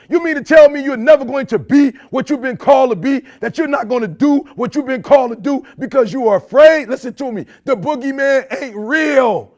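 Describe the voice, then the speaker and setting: A man giving a fired-up motivational talk in a preachy, slang-heavy style, repeating phrases and jumping from shouts to low intense murmurs. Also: lively intonation, fairly quick, few pauses. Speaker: motivational speaker.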